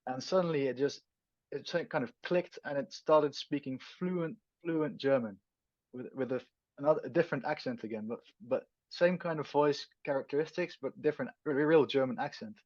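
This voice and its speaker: A Dutch man from the Netherlands, a native speaker, is a guest answering interview questions, thinking carefully and searching for words. His voice is medium-pitched and a little mellow, at a moderate pace. The recording is dull, lo-fi and dry, with no room sound.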